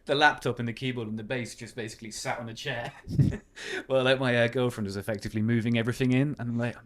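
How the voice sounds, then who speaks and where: A band member in a casual interview, telling stories in a relaxed, easygoing way. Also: male voice, medium pitch, fast.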